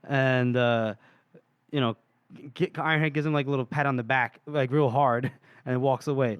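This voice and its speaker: Guy on a podcast walking through a book chapter, smooth clear voice, dry close mic, little laughs here and there. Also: mid-range voice, steady tone, moderate pace, no room sound, dull audio. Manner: retells scenes at length, reading lines aloud with little laughs. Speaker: podcast co-host. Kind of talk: casual chat recapping a novel.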